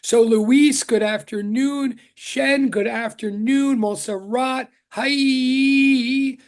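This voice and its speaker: A man's voice: very high-pitched, fairly even intonation, slow pace, a little mellow. A chatty male physics professor talking over a video call. He rambles, restarts his sentences and greets his students one at a time before getting to the lesson. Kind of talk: casual online class greeting.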